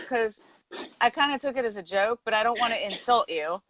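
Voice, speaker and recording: Middle aged woman host chatting earnest, kinda high voice, dry close mic. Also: brisk, dry recording, rough recording. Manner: earnest, uses lively metaphors, quotes herself. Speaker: podcast host. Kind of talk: casual interview chat.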